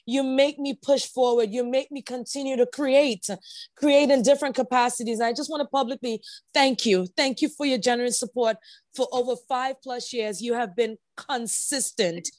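A woman with a high voice hosts a podcast in relaxed conversation. She talks effusively and grows openly emotional, leaning on repeated words for emphasis. The sound is dry and close. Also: moderate pace, dry recording. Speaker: podcast host. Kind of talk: casual podcast chat.

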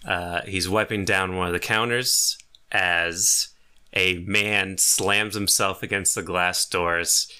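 A man's voice: low-pitched, steady tone, slow pace, bright, forceful tone, clear, resonant tone. A man narrating a tabletop game as game master, often laughing as he describes the scene.

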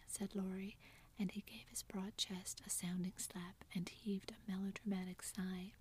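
A woman's voice: mid-range voice, flat delivery, normal speed, husky. Woman reading a classic novel, whispered role-play. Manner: soft unvoiced whisper throughout. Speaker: narrator.

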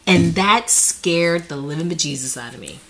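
A woman co-hosting a podcast in casual chat, telling stories with lively swings between loud and soft. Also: fairly low pitch, moderate pace. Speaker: podcast co-host.

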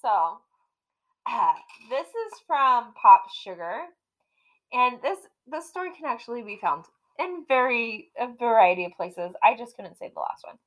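A middle-aged woman co-hosting a podcast in casual chat, laughing often as she tells animated stories. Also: on the high side, unhurried, poor audio. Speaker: podcast co-host.

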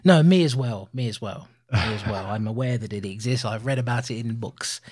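A man in his thirties co-hosting a casual film review podcast, animated and laughing often. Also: mid-range voice, brisk, breathy edge. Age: 30s. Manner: animated, laughing, puts on voices for quotes. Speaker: podcast co-host.

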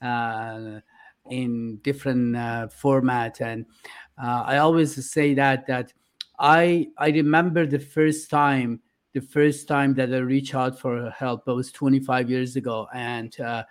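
A middle-aged man from Iran, a podcast guest talking earnestly and haltingly, with many "uh" fillers. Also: medium pitch, steady tone, smooth. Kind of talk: casual interview talk.

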